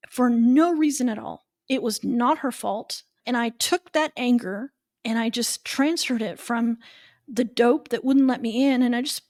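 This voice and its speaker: A woman's voice: a little high, a little slow, a little mellow, dry recording, clean studio sound. A young adult woman co-hosting a faith podcast, telling a candid, reflective story in casual chat. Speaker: podcast co-host.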